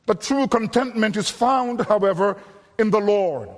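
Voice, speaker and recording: A man's voice: high voice, a little slow, long reverb tail. A man preaching a sermon, emphatic and explanatory, often repeating words as he presses a point.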